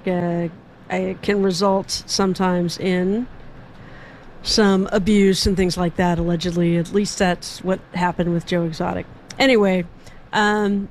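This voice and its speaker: A woman's voice: medium pitch, slight background noise. A woman hosting a community radio show, chatting casually between songs, rambling through asides and correcting herself as she goes. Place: radio studio.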